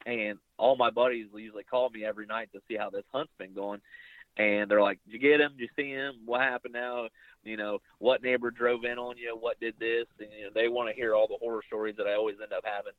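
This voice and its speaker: A young adult man telling a long hunting story in a casual interview, rambling and animated, acting out the things people said to him. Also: on the low side, brisk, dry recording. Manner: rambling, animated retelling with quoted dialogue. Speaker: bowhunter guest. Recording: phone-like line, very dry.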